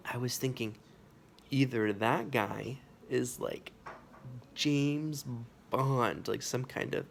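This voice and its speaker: A man telling a personal anecdote, animated and full of sound effects and casual asides. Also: mid-range voice, slow, vocal fry, slight background noise. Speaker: storyteller. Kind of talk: personal anecdote told to camera.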